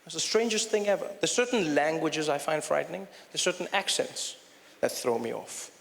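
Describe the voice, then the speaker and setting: A man performing a stand-up comedy routine, animated and conversational with lots of "you know". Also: fairly high pitch, moderate pace, gravelly. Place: comedy stage in a hall. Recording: hall reverb, faint room ambience.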